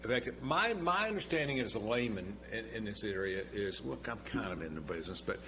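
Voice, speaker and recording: A middle-aged man hosting a local TV interview show, talking in a conversational, halting way. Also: fairly low pitch, lively intonation, background noise. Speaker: TV show host. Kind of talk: interview talk.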